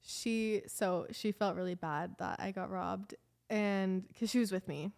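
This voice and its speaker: A woman's voice: medium pitch, fairly even intonation, measured pace, creaky, darkish tone. Young woman vlogger, casual confessional chatter, rambling and heartfelt. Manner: emotional, rambling, lots of "like" fillers.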